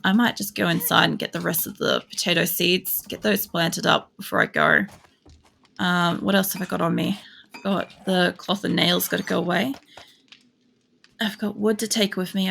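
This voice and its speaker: An Australian woman talks as she plays a game at home, rambling and casual and swearing freely. Her voice sits low and gravelly, yet has a bright edge. She has a faint hiss behind her. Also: moderate pace. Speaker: game streamer. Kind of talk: casual chat while playing. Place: home computer setup.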